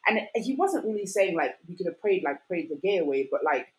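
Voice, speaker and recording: A young adult woman telling a personal story in conversation, animated and full of fillers, acting out the voices of the people she quotes. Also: on the low side, fairly quick, poor audio. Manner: animated, acts out quoted voices, many fillers like "like" and "you know". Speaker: guest.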